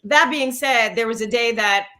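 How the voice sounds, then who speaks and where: A woman's voice: on the high side, normal speed, pushed and bright. A woman co-hosting a casual podcast chat about parenting, telling stories in a blunt, dry way.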